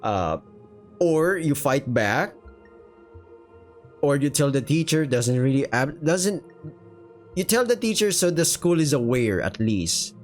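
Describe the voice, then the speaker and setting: A man's voice: fairly high pitch, very animated, takes it slowly, long pauses, a little mellow. A young man reads a manga aloud, rambling through the panels with casual swearing and plenty of "uh"s. He talks from a room at home while faint guitar music plays behind him. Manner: rambling, profane, with filler words. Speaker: manga reviewer. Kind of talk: casual manga read-along commentary.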